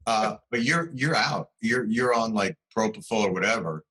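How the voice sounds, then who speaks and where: Middle-aged male guest, dry comic riffing, low register with a bright edge. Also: animated, low-quality recording. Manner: wry, quick comic riffs. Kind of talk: casual talk-show banter.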